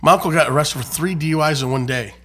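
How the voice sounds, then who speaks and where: Crude fast-joking podcast co-host, a man. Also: on the high side, sharp tone, slight background noise. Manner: crude, joking, heavy swearing. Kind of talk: casual podcast chat.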